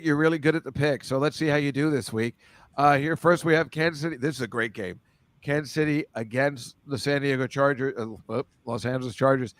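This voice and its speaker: A man's voice: medium pitch, no room sound. Rambling, laughing male picks host. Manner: loose, rambling, laughs often. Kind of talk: casual football picks chat.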